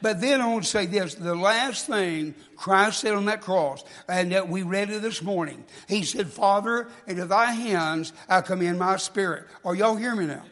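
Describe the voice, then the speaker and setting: Preaching at a moderate pace with hardly any pauses, a man with a high, slightly bright voice serves as guest preacher in a church sanctuary. His folksy sermon is full of stumbles and restarts, he's congested and coughing from a cold, and long reverb fills the recording.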